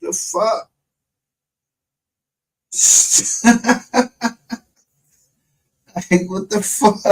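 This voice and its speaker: A man's voice: fairly high pitch, low-quality recording. A man hosting a livestream, rambling in casual, profane commentary and laughing often. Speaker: livestream show host.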